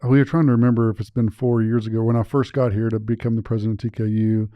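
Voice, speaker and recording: A man's voice: mid-range voice, level tone, fast talker, dry recording, lo-fi sound. A man hosting a podcast in a studio, chatting casually and correcting himself as he goes. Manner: upbeat, rambling, self-correcting. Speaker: podcast host.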